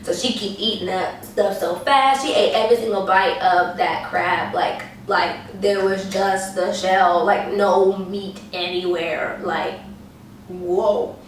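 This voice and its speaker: Animated young woman telling a story. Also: slow, slight background noise. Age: young adult. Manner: animated, acts out quotes in high voices. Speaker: storytime vlogger. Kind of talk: casual storytelling. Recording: echoey room, voice a bit far from the mic.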